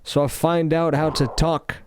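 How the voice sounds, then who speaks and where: Chill guy mumbling thru game commentary, keeps cutting himself off, voice sits a bit high. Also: flat delivery, darkish tone, a little hiss or hum. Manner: rambling, self-interrupting, mumbles; slow, laid-back delivery. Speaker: gaming commentator. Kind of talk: casual gameplay commentary.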